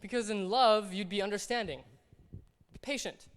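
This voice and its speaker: A man's voice: high-pitched, normal speed, fairly bright tone, smooth. A man preaching a sermon in a conversational way, acting out little everyday scenes as he talks. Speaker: pastor. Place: church hall. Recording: long hall reverb.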